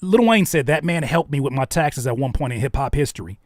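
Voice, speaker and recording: Animated man ranting on commentary. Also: medium pitch, a little fast, dry recording, clean studio sound. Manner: animated, swings from ranting to hushed. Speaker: host. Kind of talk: reaction commentary.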